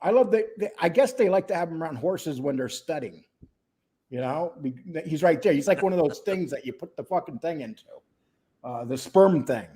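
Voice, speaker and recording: A man's voice: a little high, animated, normal speed, dark tone, husky. A man co-hosting a casual livestream chat, crude and rambling, joking with his partner. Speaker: co-host.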